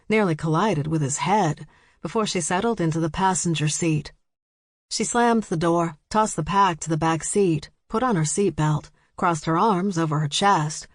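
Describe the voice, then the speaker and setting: A woman narrating an audiobook in a steady storytelling manner, recorded close. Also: on the low side, dry recording. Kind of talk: scripted narration.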